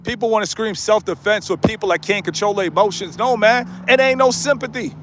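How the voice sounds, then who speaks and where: A man's voice: sits high, a little fast, a bit bright, slight background noise. A man in his late thirties on a live stream, walking through a neighborhood and bluntly urging viewers again and again to toughen up. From United States. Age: 30s. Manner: blunt, repetitive, exhorting. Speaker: YouTuber. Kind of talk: live-streamed motivational rant. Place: outdoors in a residential neighborhood with passing cars.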